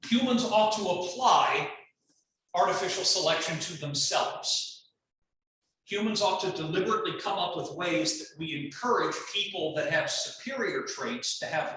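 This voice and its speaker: A man's voice: a little high, sharp tone, slight background noise. A man giving a casual, digressive university lecture to a class. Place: lecture room. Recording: echoey lecture hall, mic far off.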